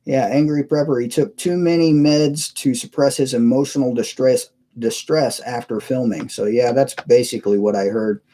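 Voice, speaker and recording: A man chatting casually on a live stream from his computer, his voice warm and mellow at a middling pitch. He wanders from story to story, chuckling and reading out viewers' messages. The sound comes through a cheap webcam mic. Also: steady tone, moderate pace, few pauses. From United States. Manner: rambling, chuckling, reads chat aloud.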